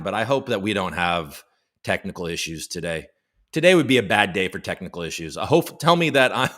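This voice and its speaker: A man's voice: mid-range voice, fairly bright tone. A man hosting a casual live stream, joking around and greeting viewers in the chat by name. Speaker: livestream show host.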